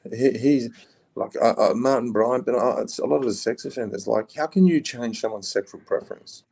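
Speaking a little fast in a medium-pitched voice that's gravelly, husky and darkish, a middle-aged Australian ex-prisoner chats casually as a podcast guest. He's plain-spoken and blunt, throws in the odd swear word, and uses "mate."

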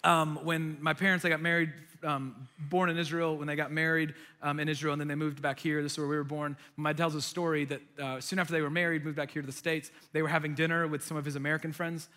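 A man preaching a sermon with animated storytelling, acting out the voices of people in his stories. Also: fairly high pitch, fast, few pauses. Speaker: pastor.

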